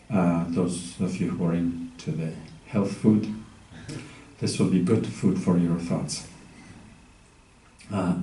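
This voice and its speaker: A man giving a measured academic lecture, pausing often with ums and uhs. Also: sits low, dark tone. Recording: echoey room, mic far off.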